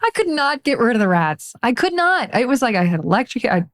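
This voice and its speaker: A woman guest on a podcast, telling a personal story in lively, casual conversation and laughing often. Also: a little high, a little fast.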